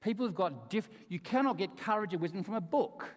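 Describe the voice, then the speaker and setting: A man giving a conference keynote, with emphatic, humorous storytelling and sudden drops into quiet asides. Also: sits high, animated, fairly quick. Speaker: keynote speaker. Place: large conference hall. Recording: reverberant hall.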